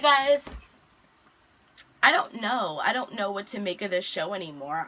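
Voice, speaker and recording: A young woman chatting casually as she recaps a TV episode, retelling scenes with lively asides and mild exasperation. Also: mid-range voice, measured pace.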